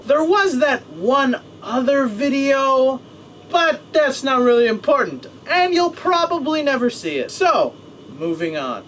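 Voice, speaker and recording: A young man in a casual vlog, rambling and excitable, talking to a webcam at home. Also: very high-pitched, slight background noise.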